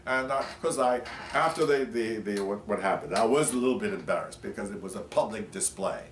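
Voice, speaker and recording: An older man from Pennsylvania, telling animated anecdotes as an interview guest, with many fillers and restarts. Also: lowish voice, a little fast. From Pennsylvania, USA. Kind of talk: anecdotal storytelling. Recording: roomy, distant mic, faint noise.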